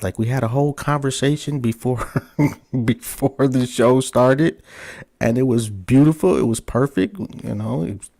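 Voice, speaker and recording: A man's voice: mid-range voice, darkish tone. Casual, cursing male podcast host. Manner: loose and profane, frustrated with tech trouble. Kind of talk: casual interview, remote call.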